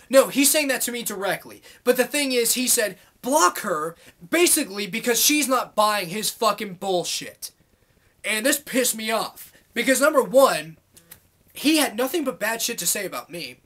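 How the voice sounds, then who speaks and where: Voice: mid-range voice, fairly bright tone. Profane ranting vlogger, heated and rambling. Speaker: YouTube vlogger. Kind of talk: angry monologue rant to camera.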